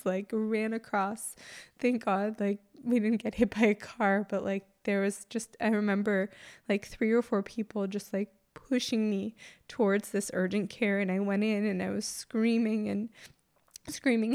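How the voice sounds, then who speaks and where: A young adult woman, a mother, telling a personal story in an emotional, halting way with many pauses and fillers. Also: mid-range voice, steady tone, a little mellow.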